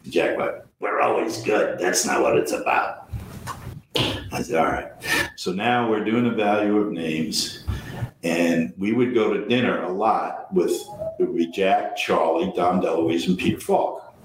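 Older man, low voice, lively storyteller, roomy echo, faint hiss. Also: moderate pace. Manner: animated anecdotes, acts out friends' lines, frequent laughs. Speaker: veteran actor guest. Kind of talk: storytelling interview.

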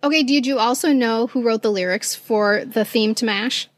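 A woman's voice: fairly high pitch, moderate pace, no echo. Chatty woman podcast co-host. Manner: chatty, animated storytelling, laughs often. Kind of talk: casual chat.

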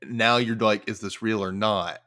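A man's voice: on the low side, measured pace. A man hosting a podcast, casually reacting to a TV recap and laughing often. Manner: reactive, laughs often, lively back-and-forth. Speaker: podcast host.

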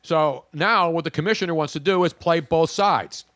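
A man's voice: fairly high pitch, moderate pace, a bit bright, no room sound. Dry-sounding opinionated male sports host. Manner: opinionated, talks in long runs. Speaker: podcast host. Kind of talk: casual sports talk.

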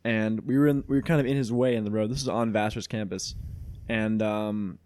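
A man's voice: lowish voice, a little fast. Young man telling a story, laughing often. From Mexico. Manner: animated, laughs often, swears freely. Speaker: podcast host. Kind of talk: casual storytelling chat.

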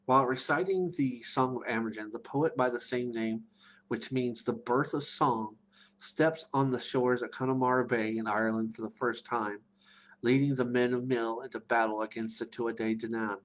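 A middle-aged man teaching a live online class on druidry, halting and rambling with many fillers. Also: mid-range voice, fairly even intonation, a bit bright, rough recording.

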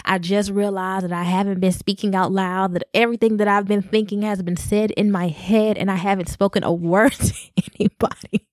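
A young woman hosting a podcast, telling a personal story in a casual, animated way, laughing often and talking straight to her listeners. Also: mid-range voice, a little fast, hardly any pauses, no room sound, studio quality. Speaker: podcast host.

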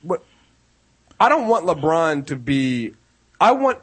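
Husky high-voiced guy on a podcast, voice jumps around a lot, rambly, swears, keeps restarting. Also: very animated. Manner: rambling, halting restarts, profane. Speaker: podcast co-host. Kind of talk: casual chat.

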